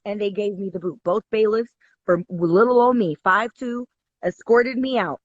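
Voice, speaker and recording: A woman with a mid-range voice and a measured pace tells a story as a guest in a casual chat, getting heated, emphatic and profane. She's speaking over a live online video call whose audio is dry, dull and lo-fi, with no echo.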